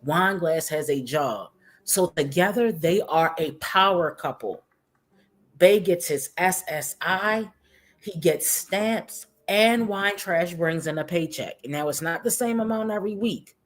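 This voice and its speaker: A woman with a somewhat low voice runs a casual commentary, chatting directly with her audience. She keeps calling out to the viewers as she talks things over. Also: a little slow. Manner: chatty, addresses viewers as guys and y'all. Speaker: commentary YouTuber.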